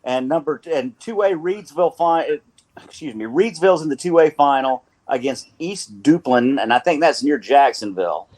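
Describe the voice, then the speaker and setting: A man's voice: medium pitch, animated, normal speed, a little mellow. A man hosting a sports radio show with a North Carolina accent, talking in a playful, rambling way and correcting himself as he goes.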